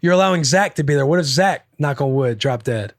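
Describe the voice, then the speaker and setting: A young man hosting a podcast, chatting casually, rambling and swearing freely with excitable energy. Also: fairly high pitch, a little fast, slight background noise. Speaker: podcast host. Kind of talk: casual chat.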